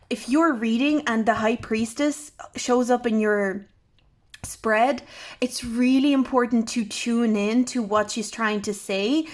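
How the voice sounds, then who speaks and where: Woman tarot reader, somewhat high voice, reflective and thinking-out-loud delivery. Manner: musing, thinking aloud with frequent restarts. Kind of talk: intuitive tarot reflection to camera.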